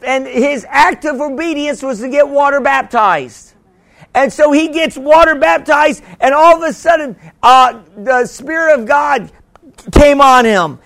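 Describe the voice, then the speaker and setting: A man preaching a sermon as pastor, with sudden shouts and many repeated words. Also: extremely high pitch.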